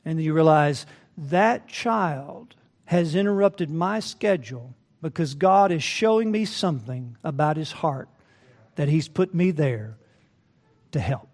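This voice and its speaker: A man preaching a sermon, who rises to loud emphatic peaks and drops to soft asides, calling listeners beloved and asking "right?". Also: fairly high pitch, animated, unhurried. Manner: addresses listeners as beloved, asks rhetorical "right?". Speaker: pastor.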